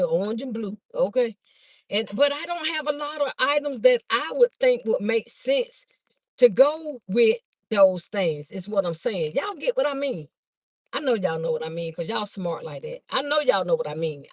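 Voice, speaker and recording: A woman chatting fast on a phone livestream to her viewers, a bit out of breath as she walks from a car through a garage into a house. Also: mid-range voice, no room sound. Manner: chatty, talks fast to viewers, calls them "y'all". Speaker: livestream host and vendor. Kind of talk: casual livestream chat to viewers. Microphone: phone held by hand.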